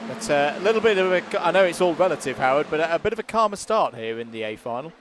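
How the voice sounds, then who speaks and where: Male lead commentator, fairly high voice, faint noise behind, snappy play-by-play. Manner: brisk, rising to excited calls over on-track action. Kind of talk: live sim-racing play-by-play commentary.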